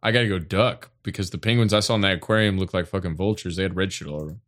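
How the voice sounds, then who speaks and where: A man co-hosting a podcast, rambling through a deadpan mock eulogy and swearing casually. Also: sits low, very fast. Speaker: podcast co-host. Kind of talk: improvised comedic bit.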